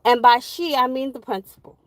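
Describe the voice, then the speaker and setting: A young woman, telling a parenting story in a rambling, animated vlog with many fillers. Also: high-pitched, brisk, dry recording, rough recording. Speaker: parent vlogger.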